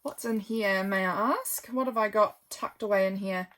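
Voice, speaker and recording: A woman's voice: medium pitch, moderate pace, a bit bright. A woman, chatting casually and gushing as she flips through her handmade journal, thinking aloud. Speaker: craft vlogger.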